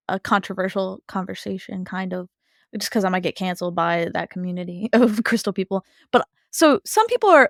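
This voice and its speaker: A woman co-hosting a podcast in casual chat, gushing and animated, with lots of "like" and "um". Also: mid-range voice, dry recording, clean studio sound. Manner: gushing, animated, chatty with many fillers. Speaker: podcast co-host.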